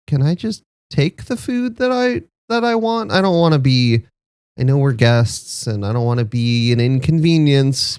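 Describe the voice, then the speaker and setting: A man's voice: fairly high pitch, a little mellow, clear, resonant tone, no room sound, voice pushed up, exaggerated voice. A man voicing a small, timid, frog-like male adventurer who stammers and apologizes.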